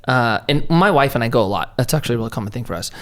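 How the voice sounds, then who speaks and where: A man's voice: mid-range voice, lively intonation, rapid-fire, a bit bright. A man hosting an interview, asking loose, conversational questions. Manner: conversational, searching, filler-heavy. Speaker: interview host.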